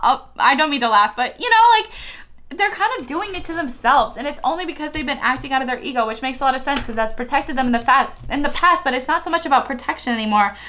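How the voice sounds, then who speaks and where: A woman's voice: sits high, expressive, fast, sharp tone, slight background noise. A young woman giving a casual tarot reading, chatty and giggly, swearing freely as she talks. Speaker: tarot reader.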